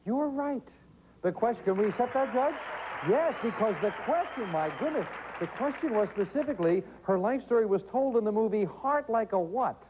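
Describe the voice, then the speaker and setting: A man hosting a quiz show, reading questions and joking with contestants in quick patter, on a noisy 1980s TV tape. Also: very high-pitched, expressive. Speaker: game show host.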